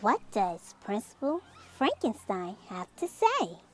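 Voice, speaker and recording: A woman reading a children's picture book aloud in an expressive, slow storytelling manner. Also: mid-range voice. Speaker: storybook reader.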